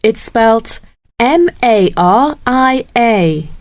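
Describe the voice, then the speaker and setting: A woman reading lines in a scripted textbook dialogue, introducing herself and spelling her name slowly and clearly. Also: a little high, lively intonation, dry recording. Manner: slow, deliberate, clearly spelled delivery. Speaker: lesson dialogue reader.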